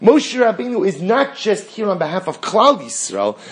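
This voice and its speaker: A man teaching a Talmud class, telling the story with animated dialogue and rhetorical questions. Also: sits high, normal speed, slightly rough. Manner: animated storytelling, acting out dialogue between characters; frequent restarts and rhetorical questions. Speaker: Torah teacher.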